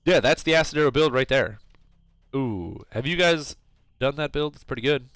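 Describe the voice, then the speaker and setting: A man's voice: medium pitch, a bit bright, no room sound. A man streaming a game, chatting casually in a rambling way with plenty of fillers and self-corrections. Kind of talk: casual chat while playing.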